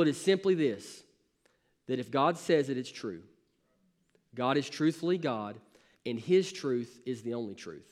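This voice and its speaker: A man preaching from the pulpit in a fairly high voice. He delivers his sermon with a building, repetitive cadence, pressing each point again and again. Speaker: pastor.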